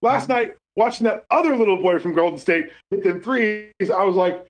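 A man's voice: sits high, moderate pace. A man co-hosting a casual podcast, ranting in a heated, profane and comically exaggerated way. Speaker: podcast co-host. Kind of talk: casual chat.

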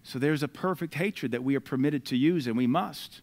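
Emphatic preacher in a sermon. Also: male voice, fairly quick, hardly any pauses. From United States. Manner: emphatic preaching, swinging between loud declarations and low asides.

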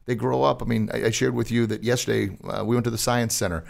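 A man's voice: mid-range voice, fairly even intonation, quick pace, creaky. A man hosting a motivational podcast, talking casually and upbeat, often turning to the listeners as folks. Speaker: podcast host.

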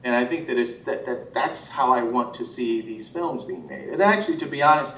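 A man's voice: fairly quick, creaky, fairly bright tone, far from the mic. Rambling male animation director, roomy sound. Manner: rambling, many restarts and fillers. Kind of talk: casual interview talk. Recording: roomy, muffled sound from off-mic with faint rumble.

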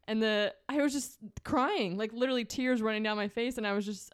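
A woman's voice: mid-range voice, a little fast, few pauses, clean tone. A young woman co-hosting a podcast, telling a story in a casual chat with many fillers and frequent laughs. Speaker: podcast co-host.

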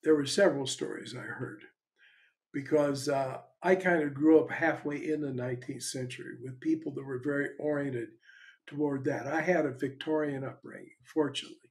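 Older spiritual teacher, frank and unhurried. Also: male voice, on the high side, fairly even intonation. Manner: frank, conversational storytelling with pauses.

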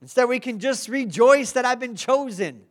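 A woman's voice: a little high, moderate pace. A woman preaching a sermon, earnest and direct, who often asks the congregation to respond.

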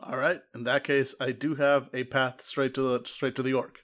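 A man's voice: medium pitch, little pitch movement, normal speed, a bit bright. A man playing a tabletop role-playing game, blunt and eager for combat. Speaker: player.

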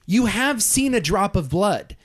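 A man's voice: high voice, animated, measured pace. A young man co-hosting a casual movie podcast, arguing his points emphatically and swearing freely. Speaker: podcast co-host. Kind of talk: casual movie-ranking chat.

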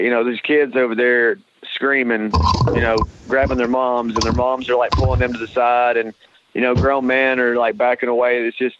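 A man's voice: mid-range voice, heavy background noise. A man co-hosting a fight podcast, talking casually in a rambling way with lots of restarts and blunt swearing. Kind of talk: casual sports talk. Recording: dry tinny phone-like sound.

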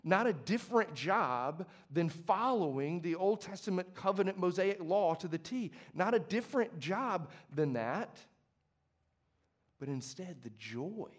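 A young adult man with a high voice preaches as a pastor, conversational yet passionate. His delivery shifts from hushed tones to emphatic ones.

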